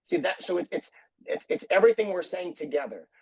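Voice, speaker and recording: A man's voice: high-pitched, big pitch swings, a little fast, creaky, darkish tone, slightly rough, no room sound, poor audio. A man who runs a martial arts school, talking earnestly on a video call panel and repeating phrases for emphasis.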